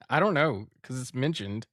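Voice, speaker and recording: A man's voice: medium pitch, no echo, clean studio sound. A man co-hosting a podcast, chatting casually about a comic, retelling scenes and laughing often. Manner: animated retelling, acts out quotes, laughs often. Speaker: podcast co-host. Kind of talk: casual comic review chat.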